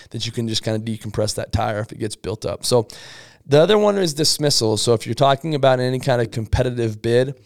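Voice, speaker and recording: A man coaching salespeople in an upbeat, slangy way, with a gravelly edge to his mid-pitched voice. The recording is close and dry, with no room sound. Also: no room sound. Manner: energetic, slangy, acts out sales banter. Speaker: sales trainer.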